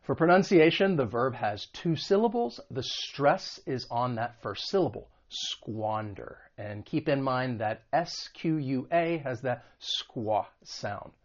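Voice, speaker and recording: A man from the United States teaching an online English vocabulary lesson, stressing example words slowly and carefully. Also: mid-range voice, animated, dull audio.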